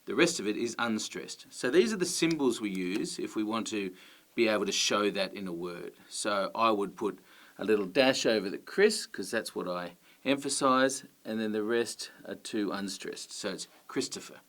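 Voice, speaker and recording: Australian male teacher, lower voice, clear and emphatic delivery to camera. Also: expressive, moderate pace, fairly bright tone. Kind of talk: explaining to camera.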